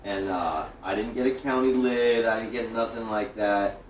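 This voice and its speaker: A man in his forties from New York, a guest who tells his story in a profane, animated way. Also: lowish voice, moderate pace. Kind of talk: storytelling interview. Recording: roomy, distant mic, faint hiss.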